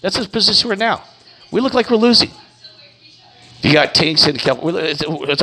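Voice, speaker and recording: A man's voice: a little high, moderate pace, husky, rough recording. A man who coaches youth baseball, telling stories in a casual monologue and acting out the people he quotes. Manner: animated, acts out quoted people in raised voice.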